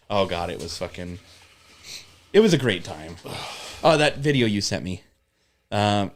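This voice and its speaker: A man's voice: fairly low pitch, very animated, a little slow, pauses often. A man telling rambling work stories in casual chat, swearing often and acting out coworkers. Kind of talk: casual storytelling with profanity.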